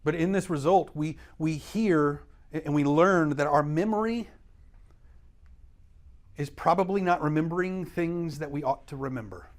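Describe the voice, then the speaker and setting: A man's voice: a little high, unhurried. A man teaching an adult Bible study in a church, explaining scripture earnestly and pressing hard on key words. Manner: brief acted quotes of scripture figures. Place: church classroom.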